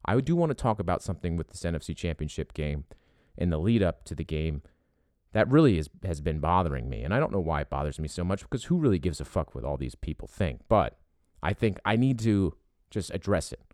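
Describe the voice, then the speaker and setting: A man's voice: low-pitched, sing-song, fairly quick, darkish tone, no echo, clean studio sound. A man from Philadelphia with a Philadelphia accent, delivering a profane, heated opinion rant about sports fans.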